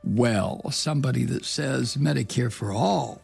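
Soft music plays behind a U.S. political commentator as he rants about the news, swearing, sarcastic and furious, with plenty of fillers. He speaks a little slowly in a mid-range, darkish voice that has vocal fry and some breathiness.

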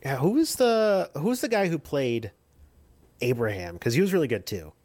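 A man in relaxed chat who mostly listens and murmurs agreement. His voice moves a lot in pitch. The recording is dry and close. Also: moderate pace, dry recording. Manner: attentive listener, frequent affirmations. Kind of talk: casual chat.

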